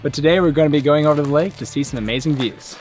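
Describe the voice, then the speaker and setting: A young man talks his viewers through a forest hike, upbeat and informative. His voice sits a little high for a man and is picked up by a handheld camera mic out of doors. Light background music plays faintly under him. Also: rapid-fire. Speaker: vlogger and hiking guide. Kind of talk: outdoor travel vlog narration. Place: outdoors on a forest trail.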